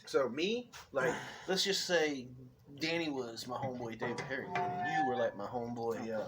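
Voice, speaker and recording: A man rambles through a long story in loose, profane podcast chat, leaning on fillers. He sits back from the mic, and clear background noise runs under his voice. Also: mid-range voice, moderate pace, distant mic. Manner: rambling, profane, fillers like "you know what I'm saying". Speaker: podcast co-host.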